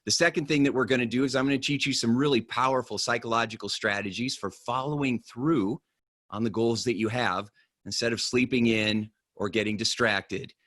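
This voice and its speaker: A man giving a motivational presentation in a conversational, energetic way, with lively storytelling. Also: mid-range voice, fairly quick, dry recording, studio quality. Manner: energetic, conversational, animated in stories. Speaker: motivational speaker.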